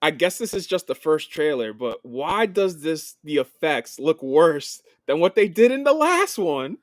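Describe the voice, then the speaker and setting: A man co-hosting a film podcast in casual chat, animated, laughing often and swearing freely. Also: a little high, a little slow, dry recording. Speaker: podcast co-host.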